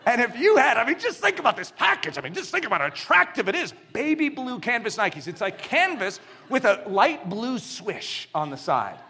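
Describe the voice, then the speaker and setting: A man preaching a sermon, telling stories with animation and building to emphatic shouts. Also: very high-pitched, very animated, normal speed, gravelly, few pauses. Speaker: pastor.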